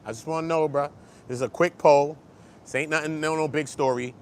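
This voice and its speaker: A man hosting an online gossip commentary show, talking fast and slangy, swinging from low mutters to loud excited bursts. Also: slight background noise. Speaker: YouTube commentary host. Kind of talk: animated street-gossip commentary.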